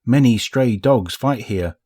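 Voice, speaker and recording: A man's voice: mid-range voice, dark tone, breathy edge, pitched above the performer's own voice. Man doing a pleading villager with a thick accent. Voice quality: thick accent, broken English. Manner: pleading, halting. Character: thin frightened villager man, desperate and pleading.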